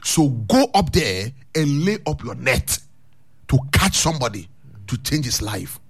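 A man's voice: mid-range voice, sing-song, a little slow, breathy edge. A man preaching a radio sermon, switching between languages and chanting lines for his listeners to repeat. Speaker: radio pastor. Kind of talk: radio sermon with call and response.

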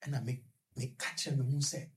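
A young man with a Ghanaian accent, a guest on a radio discussion, telling a personal story in a halting way and stuttering repetitions. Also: medium pitch, level tone, a little hiss or hum.

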